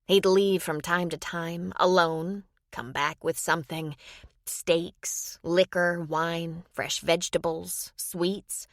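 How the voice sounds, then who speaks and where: A woman narrates a romance audiobook in a steady storytelling read. Her voice sits low, and the recording is dry, with no room sound. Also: slow, no room sound. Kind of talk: scripted narration.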